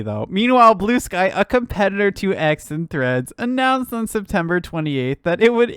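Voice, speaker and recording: A woman's voice: deep voice, smooth, no room sound, studio quality. A woman streamer ranting about the news in casual live commentary, swearing, laughing and filling her talk with "like".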